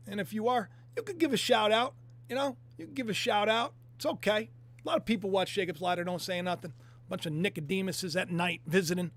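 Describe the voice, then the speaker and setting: High-voiced man rambling to viewers. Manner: rambling, animated, talks to viewers with frequent fillers. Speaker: online video host. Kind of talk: casual religious commentary.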